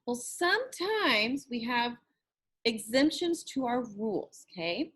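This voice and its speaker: A woman's voice: on the high side, big pitch swings, fairly bright tone, slightly rough. A woman teacher giving a recorded lesson, encouraging, who repeats words and stretches sounds to model them. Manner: slow, encouraging, drawn-out praise.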